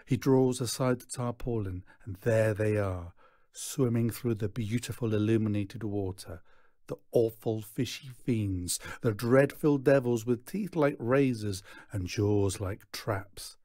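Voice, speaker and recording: A man reading a children's novel aloud in slow, measured narration. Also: on the low side, warm tone, no echo, clean studio sound. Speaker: reader. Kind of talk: storybook read-aloud.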